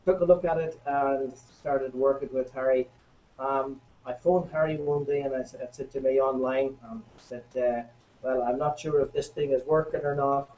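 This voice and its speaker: Hesitant man introducing a speaker. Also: mid-range voice. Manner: relaxed, hesitant, with many ums. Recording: distant lo-fi recording with faint noise.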